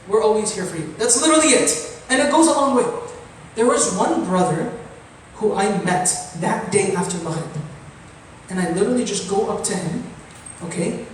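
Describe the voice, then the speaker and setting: Earnest imam in an echoey hall. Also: male voice, sits high, moderate pace, long pauses, distant mic, slight background noise. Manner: earnest storyteller who builds to impassioned exhortation. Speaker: imam giving a community talk. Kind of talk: sermon-style talk. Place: large mosque hall.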